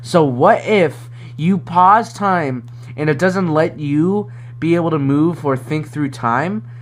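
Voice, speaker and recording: A man's voice: a little high, slow pace, slight background noise. A young man co-hosting a casual podcast, rambling and hesitant, laughing often. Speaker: podcast co-host. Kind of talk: casual chat.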